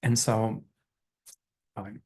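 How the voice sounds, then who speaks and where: A man's voice: on the low side, level tone, extremely slow, a little mellow, slightly rough. A man hosting his own channel, earnestly and candidly retelling a personal story with open emotion. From Chicago area, US. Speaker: channel host, psychic.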